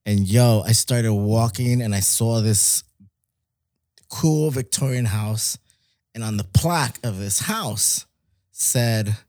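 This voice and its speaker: A young man, telling stories in casual chat, animated, laughing often and dropping in Spanish words. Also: fairly low pitch, takes it slowly, no room sound, clean studio sound. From Mexico.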